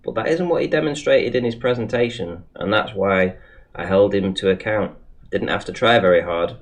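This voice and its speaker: A man's voice: fairly low pitch, moderate pace. A man giving sarcastic, scornful commentary over a debate clip.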